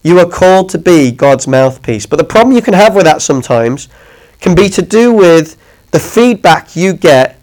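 A man's voice: mid-range voice, rough recording. A man preaching a sermon, talking conversationally and often checking in with his listeners.

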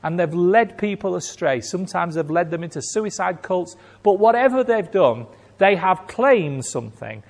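A man's voice: sits high, expressive, moderate pace, vocal fry. A man preaching a sermon in an emphatic, rhetorical way, acting out imagined reactions and repeating key phrases. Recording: long hall reverb.

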